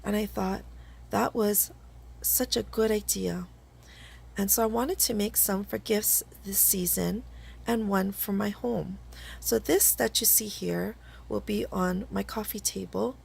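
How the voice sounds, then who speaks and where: Hoarse woman w a cold, slow chatty craft video talk, real gravelly and raspy. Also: mid-range voice, a little mellow. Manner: chatty, slightly halting explanations. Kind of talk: casual craft tutorial chat.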